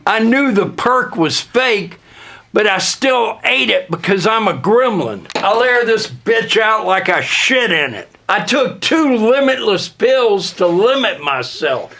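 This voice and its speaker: A young man delivering an absurd, deadpan, boastful comedic monologue in the manner of a rap persona. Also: high voice, creaky. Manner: deadpan boastful non sequiturs, slow drawl.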